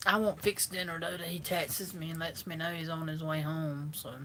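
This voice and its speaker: A woman's voice: sits low, level tone, normal speed, a bit bright, slight background noise. A woman with a South Carolina Southern accent, chatting casually and rambling easily with viewers, recorded on a phone. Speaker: vlogger. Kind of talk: casual live chat with viewers.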